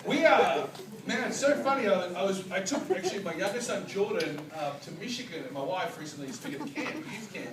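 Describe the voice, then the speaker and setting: Animated Australian man doing stand-up. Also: high voice, brisk. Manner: animated, rambling, heavy use of "like". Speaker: stand-up comedian. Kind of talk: live stand-up storytelling. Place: comedy club bar stage. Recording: roomy live club from a distance. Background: loud audience laughter and crowd noise.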